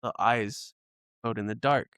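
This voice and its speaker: A young man co-hosting a podcast in casual chat, an animated storyteller who curses a lot and breaks into loud acted outbursts. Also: mid-range voice, measured pace, clean tone, no echo, clean studio sound. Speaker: podcast co-host.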